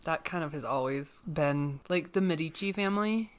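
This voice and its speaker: A woman's voice: sits low, normal speed, smooth. A woman co-hosting a casual podcast, reacting to the story with joking asides. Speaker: podcast co-host, listener. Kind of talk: casual chat.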